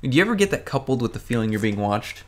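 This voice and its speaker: A man's voice: mid-range voice, big pitch swings, quick pace. A man co-hosting a podcast, chatting in a laid-back way, full of fillers. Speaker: podcast co-host. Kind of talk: casual chat.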